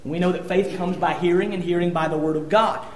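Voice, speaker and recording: A man's voice: high-pitched, steady tone, fast. A man preaching a sermon, earnest and conversational, often restarting his sentences as he reads scripture. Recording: echoey room.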